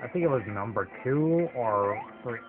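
A man's voice: mid-range voice, expressive, moderate pace. A man casually commenting while playing a video game, rambling and stopping himself mid-thought. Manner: rambling, hesitant, chatty. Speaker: let's play host. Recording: tinny phone-like audio with game music.

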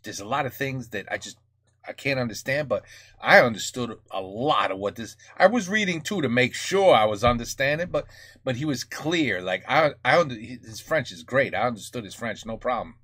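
American man, reaction host, bright tone, close dry mic, talks in fits and starts. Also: medium pitch, expressive, moderate pace, breathy edge, dry recording. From United States. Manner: thinking aloud, many fillers and restarts. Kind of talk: casual reaction commentary.

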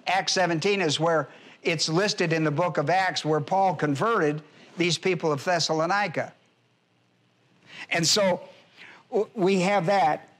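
A man's voice: on the high side, a little slow, long pauses, a bit bright. A man pastor giving an expository Bible lesson, emphatic and repetitive, spelling out Greek words as he teaches.

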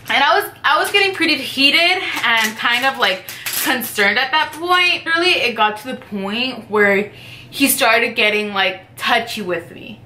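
A woman's voice: a little high, lively intonation, normal speed, sharp tone, reverberant. A woman vlogger telling a personal story in a rambling, profane, casual way, filling her talk with "like". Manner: profane, rambling, heavy use of "like".

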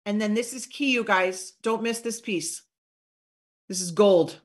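A woman giving an energetic live training on sales follow-up, acting out short sample conversations in an upbeat voice. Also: mid-range voice, a little slow. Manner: energetic, upbeat coaching with acted-out sample dialogue. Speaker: network marketing trainer.

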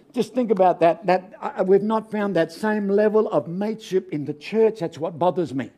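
A man's voice: high-pitched, mellow. An older man with an Australian accent, a guest preacher giving a sermon full of stories, jokes and calls for an amen. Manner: folksy, humorous, calls out for amens. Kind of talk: sermon with storytelling.

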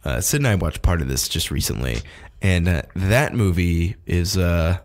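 A man's voice: deep voice, animated, moderate pace. A man co-hosting a podcast, casually chatting about films, laughing often and swearing freely. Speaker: podcast co-host. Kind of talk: casual film review chat.

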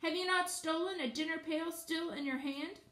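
A woman's voice: very high-pitched, fairly even intonation, moderate pace, fairly bright tone, roomy sound, voice pushed up. A woman voicing the cruel, pompous male leader of wheeled creatures, harsh and accusing.

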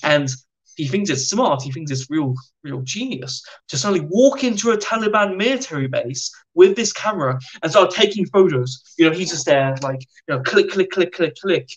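A young British man spinning anecdotes on a podcast, animated and quick to act out the people he describes. His speaking voice sits a touch high for a man. His delivery stays loose and conversational. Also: poor audio. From United Kingdom. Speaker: podcast guest. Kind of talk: casual storytelling.

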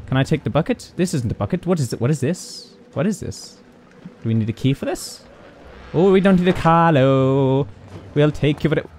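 Jittery British gamer, lively pitch. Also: male voice, normal speed, slight background noise. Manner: jittery, jokey, talks to objects. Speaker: gaming YouTuber. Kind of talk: horror let's-play commentary.

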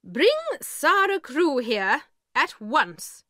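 A woman voicing a stern, angry headmistress who talks in a sharp, indignant and emphatic way. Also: high-pitched, big pitch swings, extremely slow, no echo, studio quality, pitched above the performer's own voice, full character voice. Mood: cold. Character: stern, angry female headmistress, middle-aged.

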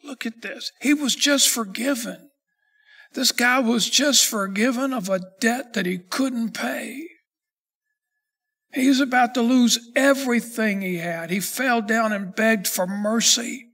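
Gravelly high-voiced preaching man. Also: fairly bright tone. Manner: reads scripture slowly, then preaches with rising intensity. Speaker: pastor. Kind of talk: sermon.

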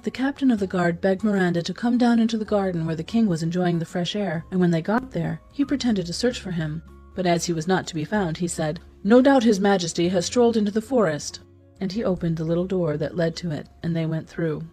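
A woman storyteller reads a fairy tale in a calm, even, scripted way. Her voice is lowish, mellow and a little breathy. Soft music plays faintly behind her. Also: fairly quick. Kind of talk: scripted narration.

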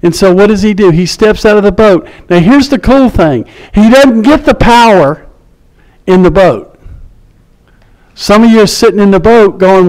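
High-voiced animated male preacher. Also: moderate pace, poor audio. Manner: animated, acts out quotes in shifting voices. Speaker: pastor. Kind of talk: sermon.

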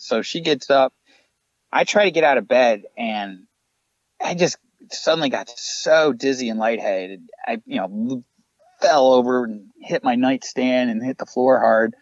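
A man's voice: medium pitch, unhurried, no echo, muffled recording. A man, a paranormal investigator, earnestly recounting his ghost encounters as a podcast guest. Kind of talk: storytelling in a podcast interview.

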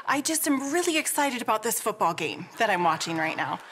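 A woman voicing her excitable, loving mother in a quoted memory, high and gushing. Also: slight background noise. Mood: excited. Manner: gushing and fast.

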